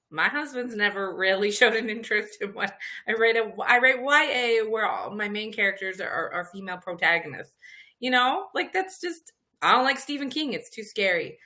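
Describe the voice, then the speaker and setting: A woman's voice: medium pitch, lively intonation, normal speed, pushed and bright. A woman hosting an interview, enthusiastic with a few hesitant fillers. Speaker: podcast host. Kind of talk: casual interview chat.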